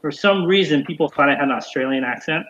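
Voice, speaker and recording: A man in his forties, originally from England, chatting casually and poking fun at himself. His voice sits a touch high for a man. The sound is roomy, with faint noise underneath. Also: fast, fairly bright tone, muffled recording. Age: 40s. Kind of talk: casual group chat.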